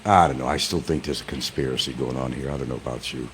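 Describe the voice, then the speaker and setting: A man's voice: very deep voice, quick pace, a bit bright, slight background noise. A man hosting a stream, giving casual, sarcastic commentary and taunting the person he talks about from an indoor room. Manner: sarcastic and taunting, addressing his target as "son". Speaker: stream host.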